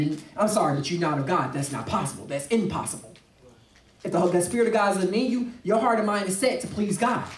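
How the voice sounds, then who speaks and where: Picked up by a distant mic in a reverberant room, a male pastor with a high-pitched voice and a slight hiss or hum preaches with passion in a discussion. His emphatic delivery includes performing the voices of those he quotes.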